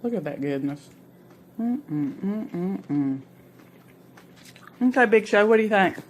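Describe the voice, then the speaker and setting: A woman's voice: medium pitch, lively intonation, fast, slight background noise. A woman chatting folksily through a home cooking demo in her kitchen, humming as she tastes. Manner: folksy and chatty, hums while tasting.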